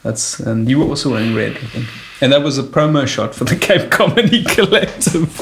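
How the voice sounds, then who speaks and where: A man's voice: mid-range voice, sing-song, fairly quick, noisy background. A man, a comedian hosting a casual chat and reminiscing. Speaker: comedian and host.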